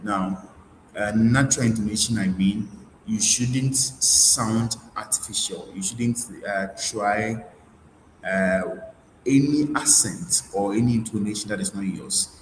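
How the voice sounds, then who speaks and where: A man with a fairly low voice gives a webinar lesson. He restates each point and often stops to restart with fillers. The room sounds roomy, with a faint hiss behind him. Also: unhurried. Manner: repeats key points, frequent fillers and restarts. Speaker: IELTS tutor. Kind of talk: webinar lecture.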